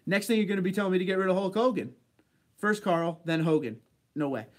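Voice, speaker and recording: A laid-back man talks with his livestream viewers, casual and chatty, laughing easily as he answers their comments. His voice sits a bit high for a man. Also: fast. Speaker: livestream host reading chat. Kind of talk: casual chat.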